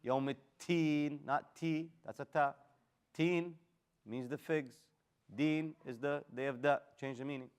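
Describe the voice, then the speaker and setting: A man's voice: mid-range voice, fairly even intonation, unhurried, clear, resonant tone. A man teaching a class how to recite the Quran, moving between chanted Arabic verses and casual, slangy English explanations. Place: classroom with students present.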